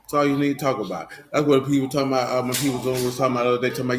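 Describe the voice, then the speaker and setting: A man's voice: mid-range voice, steady tone, very fast, slight background noise. Joking man teaching a Bible study. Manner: loose, joking, teasing the class. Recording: echoey room.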